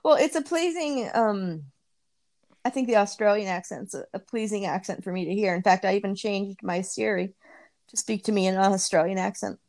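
A woman's voice: medium pitch, brisk, a little mellow. A woman co-hosting a podcast in casual chat, laughing often and repeating words as she talks. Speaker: podcast co-host.

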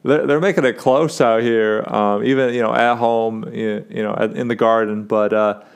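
A man's voice: mid-range voice, fairly even intonation, normal speed, vocal fry, clean tone. A young man hosting a casual sports talk show, rambling with lots of fillers and restarts as he gives his takes. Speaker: sports podcast host.

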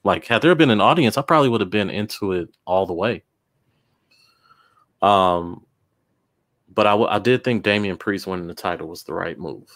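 A man's voice: sits low, normal speed, pauses often, fairly bright tone. A man co-hosting a casual wrestling chat show, talking things through thoughtfully with many fillers. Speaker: podcast co-host.

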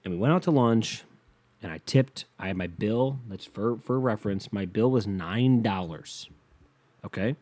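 A man's voice: fairly low pitch, expressive, normal speed, a little mellow. A young man ranting to camera in a casual comedic monologue, swearing freely and acting out the people he quotes. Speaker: comedic vlogger.

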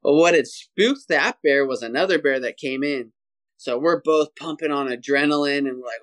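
A man talking as a podcast guest, telling a story in an animated, energetic way and saying "dude" often, over a video call. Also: mid-range voice, normal speed. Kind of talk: casual storytelling interview.

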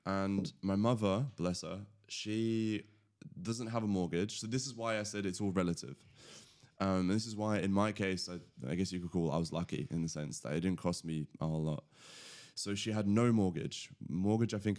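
A British man in his thirties, a podcast guest telling his origin story in a rambling, self-correcting, animated way. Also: deep voice. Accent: British English. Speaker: podcast guest, agency founder. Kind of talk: casual storytelling interview.

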